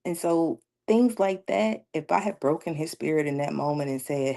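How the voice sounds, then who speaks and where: A woman with a very low, gravelly voice talks on a radio show. She tells her stories earnestly and breaks into laughter now and then. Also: fairly quick, few pauses, mellow. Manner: earnest, storytelling, laughs often. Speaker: guest speaker. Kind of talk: casual talk radio conversation.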